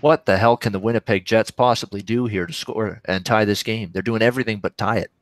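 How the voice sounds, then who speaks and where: A man's voice: lowish voice, fairly even intonation, a little fast, no room sound. A Canadian man hosting a betting livestream, chatting loosely with viewers and reacting to games as they play out. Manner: rambling, reacting live to games. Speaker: sports betting show host. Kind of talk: casual livestream chat reading viewer questions.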